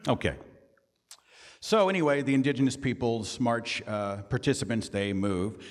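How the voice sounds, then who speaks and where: A man's voice: medium pitch, normal speed, long reverb tail. A man giving a talk, with a conversational manner and many rhetorical questions. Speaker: guest speaker. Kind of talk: lecture presentation. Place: lecture hall.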